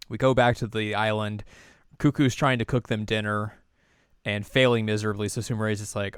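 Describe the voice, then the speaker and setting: A man's voice: lowish voice, steady tone, brisk, clean tone, no room sound, studio quality. A man co-hosting a podcast, casually recapping an anime episode and rambling along. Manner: rambling, acts out scenes. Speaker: podcast co-host.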